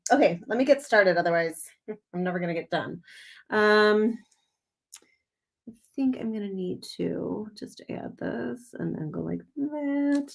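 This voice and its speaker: A woman from Wisconsin hosting a casual crafting livestream from home, chatting and giggling as she greets viewers by name. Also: medium pitch.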